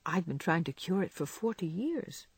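A woman voicing a gentle, patient middle-aged mother who speaks softly and soothingly, in an audiobook reading. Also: fairly low pitch, sing-song, moderate pace, slightly rough, dry recording, exaggerated voice. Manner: soft, hushed, soothing.

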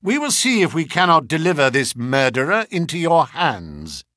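A man narrates a classic detective tale in a raised, lively voice that climbs and falls freely. His telling is expressive and dramatic. The recording is dry and close, with no room in it. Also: fairly high pitch, normal speed, no room sound. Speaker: audiobook reader.

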